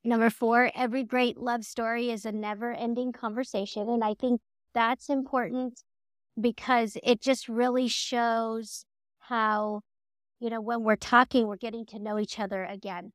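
Animated middle-aged woman co-host. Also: fairly high pitch, normal speed, dry recording, clean studio sound. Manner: animated, acts out quoted voices, laughs often. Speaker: podcast co-host. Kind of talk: casual chat.

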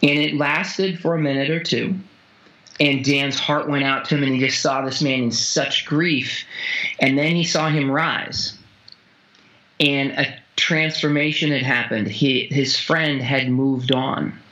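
A man coaching a guest in conversation, blunt and heavy on swearing, telling stories intensely with sudden jumps in pitch. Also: steady tone, measured pace, sharp tone, muffled recording.

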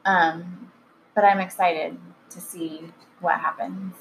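A woman's voice: fairly low pitch, little pitch movement, slow, creaky, a little hiss or hum, low-quality recording. A woman guest on a casual podcast, telling her news in an earnest, chatty way with frequent "um"s.

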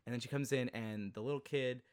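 Man in casual chat, puzzled and critical about a film's plot, talks in quick bursts. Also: medium pitch, steady tone, clear, resonant tone. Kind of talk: casual movie recap chat.

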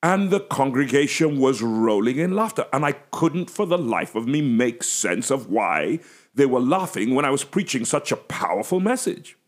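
A pastor from England speaking in an animated, emphatic storytelling way, with playful asides. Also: male voice, mid-range voice, normal speed. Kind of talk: podcast-style teaching talk.

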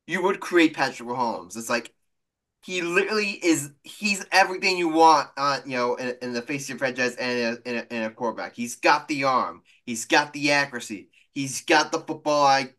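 A man's voice: fairly high pitch, bright, forceful tone. A man co-hosting a sports podcast, arguing emphatically in casual debate and often repeating and restarting his phrases.

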